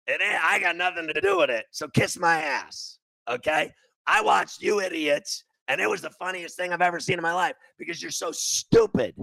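Brief: male talk host, gravelly and sharp, lively swooping pitch, profane mocking rants. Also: normal speed, no room sound. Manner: loud, profane, mocking ranting. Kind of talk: radio talk show rant.

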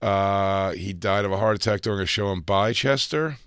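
A man's voice: on the low side, normal speed, fairly bright tone, clear, resonant tone. A man co-hosting a casual comedy podcast, joking and reading news items aloud. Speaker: podcast co-host.

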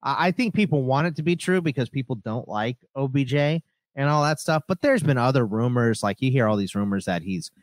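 A man's voice: medium pitch, a little fast, no echo. A man hosting a sports talk show, joking and laughing with his co-host in casual banter. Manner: joking, animated, laughs often.

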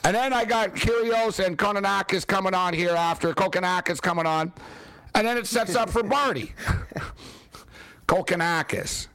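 A man hosting a late-night sports radio show, ranting and joking in an excitable, wisecracking way. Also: sits high, fairly quick, no echo.

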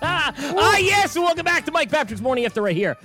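A man hosting a sports radio show, telling funny stories in an animated way, laughing and shouting at the big moments. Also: very high voice, fairly quick, faint music behind. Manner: excitable storyteller, laughs at his own stories, shouts at the peaks. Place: radio studio.

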